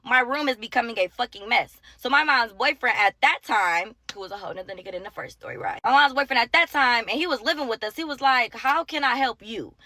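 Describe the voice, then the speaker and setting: Fast, bright-voiced young woman telling a storytime. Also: on the high side, animated, no room sound. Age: young adult. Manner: profane, blunt, fast-talking. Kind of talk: casual storytime monologue.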